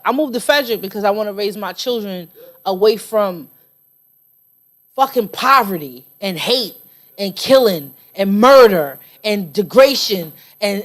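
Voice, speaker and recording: A woman in her late thirties talking bluntly and emphatically, swearing freely in a casual podcast chat. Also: medium pitch. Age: 30s.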